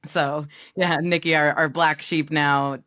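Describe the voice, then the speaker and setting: A woman's voice: deep voice, steady tone, slow, a bit bright. A woman in her thirties from New York, chatting as a guest, teasing and laughing often. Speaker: guest, business partner. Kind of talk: casual chat.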